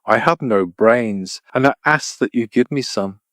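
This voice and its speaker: A man voicing a humble, soft-spoken scarecrow. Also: medium pitch, measured pace, no echo, clean studio sound, lightly acted. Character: humble straw scarecrow, male, brainless.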